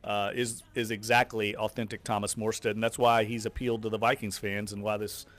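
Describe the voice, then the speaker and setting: A man's voice: on the low side, level tone, brisk, fairly bright tone. A man with a New Orleans accent co-hosting sports radio, opinionated and exasperated as he argues his points.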